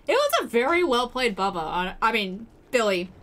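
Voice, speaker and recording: A woman streaming a game from home, excitable, swearing and laughing as she plays. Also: a little high, normal speed. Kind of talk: live game commentary.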